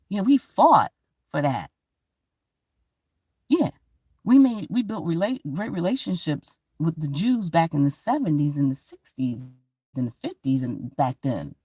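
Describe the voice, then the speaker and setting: Animated, profane woman. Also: low-pitched, measured pace, slightly rough, dry recording, clean studio sound. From Georgia, USA. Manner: animated, profane, rambling storytelling. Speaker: vlogger. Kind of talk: casual monologue to camera.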